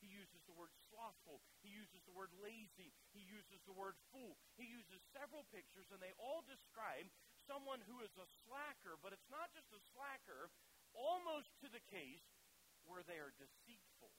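A pastor preaching a sermon, emphatic and folksy, swinging from loud declarations to quiet conversational asides. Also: male voice, sits high, lively intonation, normal speed, noisy background. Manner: folksy and conversational, tells humorous anecdotes.

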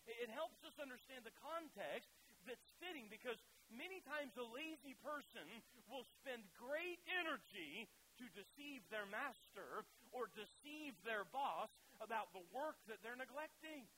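A pastor preaching a sermon, emphatic and folksy, swinging from loud declarations to quiet conversational asides. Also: male voice, very high voice, lively intonation, unhurried, slight background noise, poor audio. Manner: folksy and conversational, tells humorous anecdotes.

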